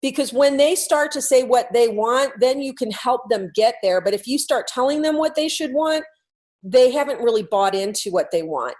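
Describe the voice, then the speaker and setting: A woman coach telling a classroom story in a lively, conversational talk, explaining her ideas through questions. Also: a little high, normal speed. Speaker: workplace culture coach.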